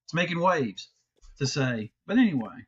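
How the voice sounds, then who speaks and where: A man's voice: on the high side, big pitch swings, moderate pace, a bit bright, breathy edge, dull audio. A middle-aged man co-hosting a podcast in casual chat, rambling and restarting, swearing freely. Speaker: podcast co-host.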